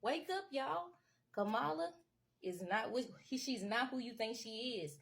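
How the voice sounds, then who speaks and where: A fired-up woman with a somewhat high voice, lecturing her viewers in a heated political rant. She hammers the same points over and over, preachy and insistent. Her speech is casual and loose, full of y'all. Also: lively intonation, a little slow, gravelly. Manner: emphatic, repetitive, preachy calls to wake up; casual vernacular with lots of y'all. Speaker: political commentator. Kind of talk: impassioned political rant to camera.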